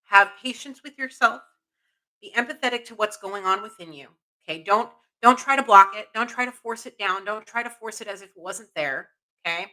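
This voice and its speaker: A woman's voice: medium pitch, fairly quick, bright, forceful tone, poor audio. A woman around forty hosting a live spiritual reading, earnest and encouraging, repeating phrases and checking in with "okay?". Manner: emphatic, repeats phrases, many restarts. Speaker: intuitive reader and live-stream host. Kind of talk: live-stream spiritual reading, answering chat.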